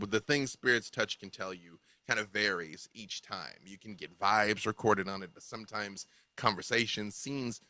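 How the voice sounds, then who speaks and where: A man narrates a tabletop game as its game master over a video call, his voice lively and full of swings in pitch. The sound is bright and dry, close to the mic, as he pauses now and then to look up a rule. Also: vocal fry, dry recording. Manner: explains rules, checks details aloud.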